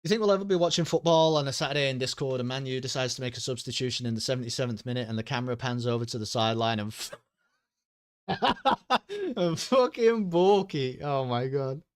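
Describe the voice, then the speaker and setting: A man's voice: mid-range voice, racing, hardly any pauses, smooth, no echo, studio quality. A man chatting casually with his stream audience, rambling, joking and swearing freely.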